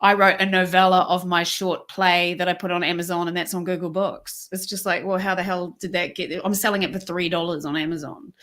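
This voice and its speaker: A woman, a stage performer co-hosting a casual chat, talking quickly and animatedly with many fillers. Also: fairly low pitch, little pitch movement, fairly bright tone. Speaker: actor and podcast co-host.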